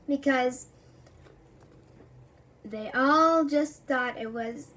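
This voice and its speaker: Woman reader for children's chapter book narration; high, slow, expressive delivery. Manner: first-person storybook narration, expressive. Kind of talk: reading a children's book aloud.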